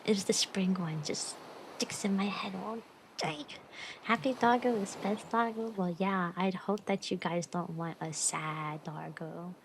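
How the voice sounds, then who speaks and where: A woman's voice: fairly low pitch, a little hiss or hum, rough recording. A woman streamer chatting casually and bubbly with her live chat, greeting viewers and giggling often.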